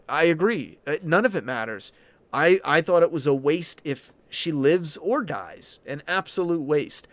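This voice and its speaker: A man's voice: a little high, fairly bright tone, no echo. A man hosting a casual opinion commentary, answering viewer chat in a blunt, ranting way with frequent swearing. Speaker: channel host.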